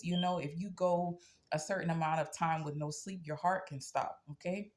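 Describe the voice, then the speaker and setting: A woman's voice: lowish voice, steady tone, normal speed, a little mellow. A woman hosting her own channel, talking casually and bluntly to camera, ending nearly every sentence with "okay?". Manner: earnest and blunt, telling a personal story. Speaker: spiritual practitioner and channel host.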